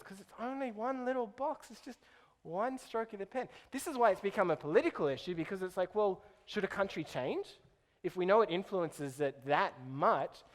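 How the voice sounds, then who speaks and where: A man's voice: on the high side, long reverb tail. A man giving a playful live talk to an audience, quizzing them as he goes. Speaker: keynote speaker.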